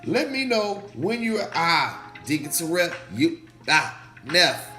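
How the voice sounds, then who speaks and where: A slightly hoarse man, a pastor hosting a faith livestream, talking casually and animatedly, repeating phrases and calling out to viewers in the chat. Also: a little high, big pitch swings, takes it slowly, pushed and bright. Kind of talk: casual livestream preaching talk. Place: indoor room, livestream. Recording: echoey room with faint music.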